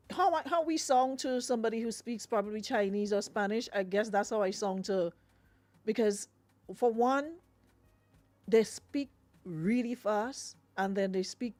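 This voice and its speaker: A woman's voice: medium pitch, a little mellow, no echo. A Grenadian woman hosting a radio show, chatting casually with lots of fillers and laughs. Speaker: radio host.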